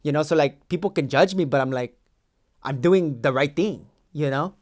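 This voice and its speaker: A man's voice: on the high side, normal speed, darkish tone, lightly acted. A man in his twenties playing a defensive, boastful young Mexican-American immigration agent with a Los Angeles valley accent, talking in a rambling, slangy way in an improvised comedy sketch. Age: 20s. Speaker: podcast co-host.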